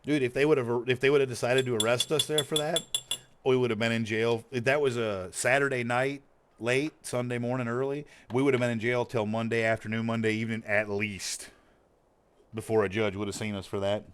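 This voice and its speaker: A man's voice: mid-range voice, fairly even intonation, normal speed, smooth. A man with a slight Montana accent, a streamer telling a long story in casual, rambling talk, cursing freely and laughing often. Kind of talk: casual storytelling while gaming.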